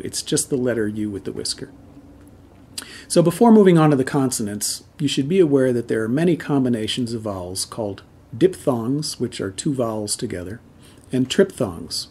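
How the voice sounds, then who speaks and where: Male language teacher for a video lesson: a husky voice with a soft, darkish tone, patient, sounding out vowels to demonstrate. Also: mid-range voice. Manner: patient step-by-step explaining, drawing out sounds as demonstrations. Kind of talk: recorded pronunciation lesson.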